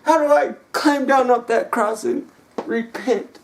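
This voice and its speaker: Brief: a desperate condemned robber, pleading and insistent, slow delivery, as a preacher puts him on. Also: mid-range voice, vocal fry, recorded from a distance, slight background noise. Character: repentant robber on a cross, male.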